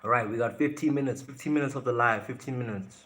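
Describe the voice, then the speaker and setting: A man's voice: medium pitch, quick pace, a bit bright. A man from South Africa hosting a live stream, casually answering his chat in a blunt way and laughing often.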